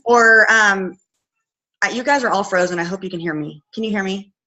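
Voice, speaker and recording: A woman's voice: medium pitch, moderate pace, bright, forceful tone, poor audio. A woman coach in her thirties giving a casual talk on a video call, chatty and full of fillers. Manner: chatty, filler-heavy, quoting herself. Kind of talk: casual live training talk.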